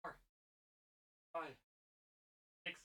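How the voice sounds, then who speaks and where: A man's voice: drawn-out words, bright, forceful tone, no room sound. Dry-miked man rambling on a stream. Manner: rambling, profane, chats with viewers while working. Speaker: streamer and teacher. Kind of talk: casual live-stream chat.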